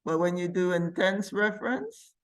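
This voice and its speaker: A woman teaching a computer class, walking students through software step by step and thinking aloud as she clicks. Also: on the low side, moderate pace. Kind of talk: live classroom software demonstration.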